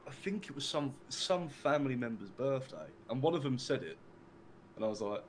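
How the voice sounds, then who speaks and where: A man's voice: mid-range voice, expressive, moderate pace, a little hiss or hum. Young Englishman rambling in casual chat. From England. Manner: rambling, says "like" a lot, swears casually.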